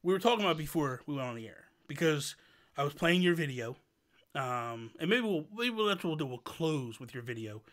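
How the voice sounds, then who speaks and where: A man hosting a casual livestream chat, an animated and long-winded storyteller who wanders off on tangents. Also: a little high, a little fast. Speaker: show host.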